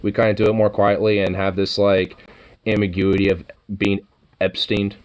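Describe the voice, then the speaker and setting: Low-voiced man rambling and swearing. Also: level tone, normal speed, smooth, low-quality recording. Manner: rambling, heavy swearing, many fillers. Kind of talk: casual monologue.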